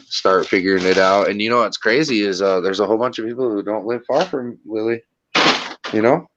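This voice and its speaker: A man's voice: lowish voice, brisk, dull audio, noisy background. A man in casual online chat, talking in a laid-back, rambling, profane way.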